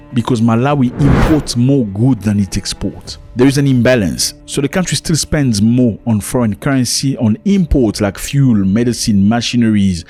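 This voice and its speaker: A male commentator talks animatedly about the news, firing off rhetorical questions and breaking ideas down for viewers. His voice sits at an ordinary male pitch, with faint music underneath. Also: darkish tone.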